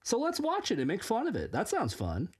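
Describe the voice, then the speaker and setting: A woman's voice: a little high, wildly swooping pitch, brisk, very noisy. A woman hosting a comedic reaction video, mocking and sarcastic in tone, with playful exaggeration. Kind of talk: comedic commentary.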